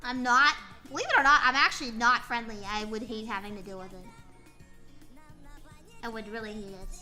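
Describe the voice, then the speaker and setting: A woman's voice: a little high, normal speed, pushed and bright, faint music behind. A young woman streamer chatting casually while drawing, rambling and playful, joking about herself and filling gaps with "like" and "uh". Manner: rambling, playful, self-mocking, with frequent fillers. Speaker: VTuber streamer.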